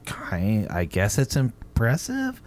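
A man's voice: medium pitch, huge pitch swings, slow. A man in his thirties co-hosting a casual podcast chat, telling stories with jokes and swearing. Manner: profane, joking storyteller. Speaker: podcast co-host.

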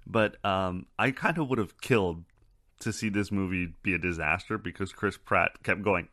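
A man's voice: low voice, normal speed, a bit bright, dry recording, clean studio sound. A man hosting a casual podcast chat, swearing freely and wandering into rambling asides. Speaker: podcast host.

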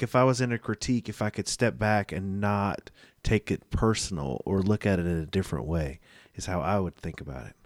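A man in casual chat, answering slowly and thoughtfully with some hesitation. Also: on the low side, no echo, clean studio sound.

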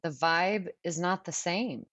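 A woman's voice: on the low side, unhurried, fairly bright tone, no room sound. A woman from California with a Californian accent, co-hosting a podcast in a chatty, self-deprecating way. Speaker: actress, podcast co-host. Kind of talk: casual podcast chat.

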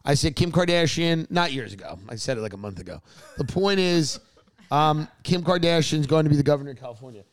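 A man's voice: fairly high pitch, expressive, brisk, poor audio. A man co-hosting a podcast, talking in a rambling, joking, opinionated way. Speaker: podcast co-host. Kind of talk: casual joking chat.

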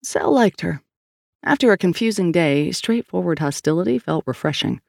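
A woman's voice: fairly low pitch, lively intonation, normal speed, gravelly, a little mellow, no echo, clean studio sound. A woman narrating a novel in clipped, terse scripted storytelling. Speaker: audiobook narrator.

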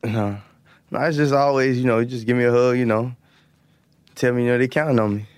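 A man's voice: mid-range voice, steady tone, a little fast, darkish tone, no echo. A man in his twenties, a football player guest, laid-back and slangy in casual chat.

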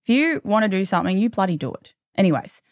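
A woman in her thirties hosts a podcast in a low, not girly voice, very animated and fast. The casual chat is candid, with offhand swearing and tangents, recorded dry at studio quality.

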